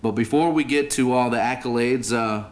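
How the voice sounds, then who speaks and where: A man's voice: medium pitch, moderate pace. A man hosting a sports hall of fame banquet as master of ceremonies, talking in a folksy way with fillers and restarts. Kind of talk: ceremony hosting with a told joke. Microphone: podium microphone.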